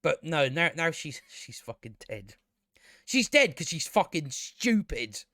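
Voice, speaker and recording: High-voiced sweary man ranting. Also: sing-song, unhurried, sharp tone, no room sound, clean studio sound. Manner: exasperated, sweary, rambling with many restarts. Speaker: show reviewer. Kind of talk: casual rambling review.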